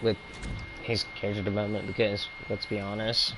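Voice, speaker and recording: A man's voice: fairly low pitch, level tone, a little fast, background noise. A man giving a heated, profane opinion rant as a video reviewer. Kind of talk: ranting opinion commentary.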